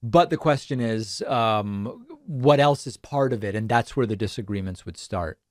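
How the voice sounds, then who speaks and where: A man hosting a call-in political talk show, thinking out loud with animated emphasis. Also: on the low side, moderate pace, no echo, studio quality.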